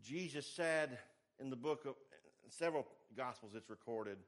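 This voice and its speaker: A man preaching a sermon, emphatic, swinging between hushed asides and forceful exhortation. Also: mid-range voice, moderate pace.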